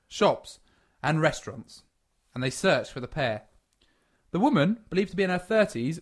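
Podcast host, animated, higher-pitched male, jokey delivery with mock voices. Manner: jokey, mock-reads quotes in put-on voices. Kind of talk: comic podcast banter, reading a news story.

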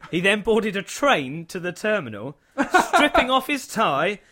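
An English man co-hosting a comedy podcast, with a voice a bit on the high side. He reads a news story aloud, amused and breaking into laughter now and then. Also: sing-song, measured pace, sharp tone. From England. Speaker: podcast co-host. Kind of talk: casual comic chat and reading news aloud.

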